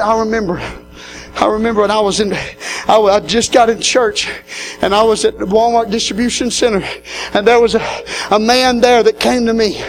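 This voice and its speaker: Pastor, male, very high voice, impassioned preaching that shifts between shouting and quiet, soft music behind. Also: rough recording. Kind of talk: Pentecostal sermon. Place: church.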